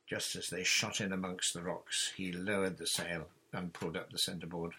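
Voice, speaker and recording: A man reading a children's adventure novel aloud in a steady, measured storybook narration. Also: low voice, slight background noise. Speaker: audiobook reader.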